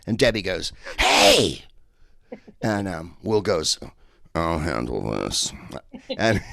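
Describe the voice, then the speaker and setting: A man with a lowish voice works through a stand-up comedy set, meandering and full of filler sounds. The sound is dry and close, with no room around it. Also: no room sound. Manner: rambling, hesitant delivery with many fillers.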